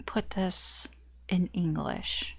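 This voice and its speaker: A woman's voice: on the low side, steady tone, extremely slow, vocal fry, husky, no room sound. A woman tarot reader talking through a casual, rambling reading, often laughing at herself.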